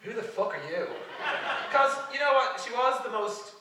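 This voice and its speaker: A man's voice: extremely high pitch, lively intonation, moderate pace, background noise. An Irish man hosting a stage roast, brash and bawdy, teasing his subject in front of a crowd. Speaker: roast host. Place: large club or theatre stage. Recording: echoey live venue, far from mic, loud crowd. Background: audience laughter and cheering.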